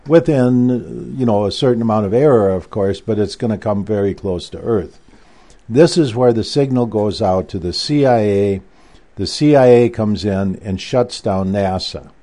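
A man's voice: lowish voice, moderate pace, mellow. A male guest author telling a long story in a rambling way, with frequent restarts and asides. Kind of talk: conversational recounting.

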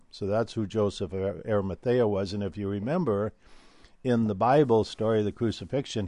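An older man hosting a solo talk, speaking in a rambling, digressive way with frequent hesitant pauses. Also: fairly low pitch, mellow, no echo, studio quality.

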